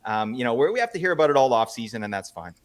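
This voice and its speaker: A man hosting a casual podcast chat, teasing his co-hosts and giving quick recaps. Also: mid-range voice, sing-song. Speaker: podcast host. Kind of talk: casual fantasy hockey chat.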